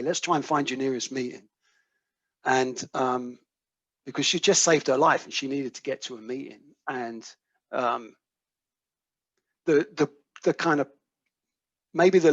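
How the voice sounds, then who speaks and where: A man's voice: medium pitch, vocal fry, no room sound. British man telling a gripping story. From United Kingdom. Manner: vivid storyteller who acts out quoted dialogue, swears casually. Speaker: recovery workshop speaker. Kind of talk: personal storytelling talk. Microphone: video call microphone. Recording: dull, lo-fi call audio.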